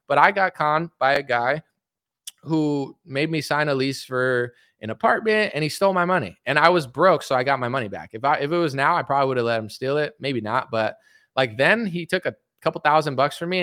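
A man's voice: medium pitch, expressive, a bit bright. A young man, a political commentator and podcast host, ranting in a combative, mocking monologue. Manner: combative, mocking, fast and blunt. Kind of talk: heated monologue rant.

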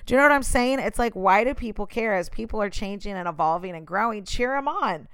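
A woman's voice: medium pitch, expressive, brisk, a bit bright, clean tone, no room sound. A woman giving a casual motivational talk straight to the listener, passionate and emphatic.

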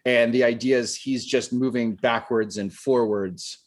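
A man co-hosting a podcast, chatting casually about films in an animated way and laughing often. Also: medium pitch, unhurried. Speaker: podcast co-host.

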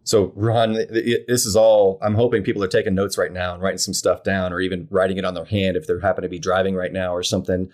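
Man, lowish voice, interviewer, conversational, rambling questions. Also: little pitch movement, quick pace, hardly any pauses, a little mellow. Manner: conversational, rambling questions, frequent "mm" listening sounds. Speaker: interviewer host.

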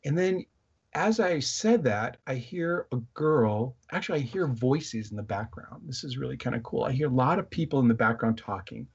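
A middle-aged man, a guest on an interview show, recounting a dream experience in a halting way with many fillers and restarts. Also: mid-range voice, expressive, gravelly, slightly rough. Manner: halting, many fillers and restarts, quotes voices while telling a story. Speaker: guest, electronics inventor. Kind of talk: casual interview storytelling. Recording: slightly muffled lo-fi audio.

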